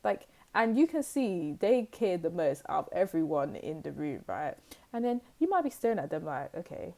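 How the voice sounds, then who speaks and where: A woman's voice: lowish voice, very animated, normal speed, creaky, darkish tone. A woman giving a casual, rambling tarot reading to her viewers, full of fillers and asides. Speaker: tarot reader.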